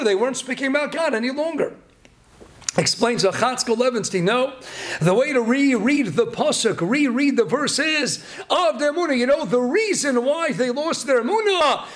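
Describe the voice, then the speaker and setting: A man giving a Torah talk as a rabbi, emphatic and repetitive, with bursts of loud emphasis. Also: very high voice.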